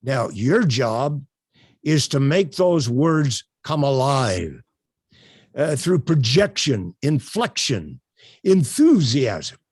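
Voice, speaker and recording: Instructor, man, lively and emphatic, lots of "uh" fillers, dry webcam sound. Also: mid-range voice, slow pace, slightly rough, no echo. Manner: animated, emphatic, with frequent uh fillers. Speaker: workshop instructor. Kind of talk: live online workshop teaching.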